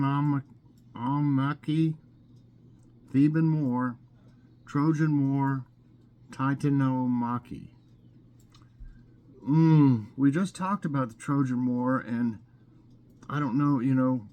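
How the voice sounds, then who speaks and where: A Scottish vlog host with a medium-pitched voice reads trivia questions aloud on a casual vlog, thinking out loud with fillers.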